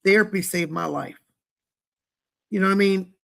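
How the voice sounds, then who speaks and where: A young man co-hosts a podcast from home over a webcam set high, chatting candidly in a rambling, self-deprecating way. His voice sits high and a bit bright, at normal speed with vocal fry.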